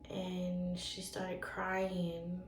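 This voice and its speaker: A woman telling an emotional personal storytime, halting and repeating phrases for emphasis. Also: fairly low pitch, monotone, slight background noise. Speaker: relationship wellness coach. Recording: roomy sound from a distant mic.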